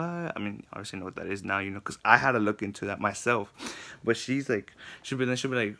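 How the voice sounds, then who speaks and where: A young male student talking straight to the camera in an informal video response. His voice sits at an ordinary middle pitch, and he rants in a frustrated, animated way, piling up "like" and restarting his sentences. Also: fast. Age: young adult. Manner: animated, frustrated ranting with lots of "like". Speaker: psychology student. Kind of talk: casual ranting video response.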